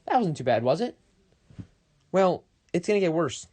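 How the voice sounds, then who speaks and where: Very animated and a little high, a teenage boy's mellow voice moves at a moderate pace. He presents his school project as a casual, rambling lesson, with wry jokes and frequent self-corrections.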